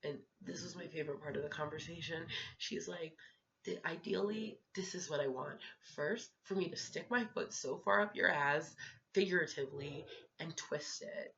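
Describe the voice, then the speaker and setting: A young woman recaps reality TV gossip in a casual, worked-up way, swearing freely and acting out the lines of the people she talks about. Her voice has a gravelly vocal fry. The home recording sounds dull and lo-fi, as if made on a built-in camera mic. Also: deep voice, normal speed. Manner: animated, emotional, swears freely, acts out quotes. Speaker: reality show fan vlogger. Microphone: built-in camera mic, no HD setup.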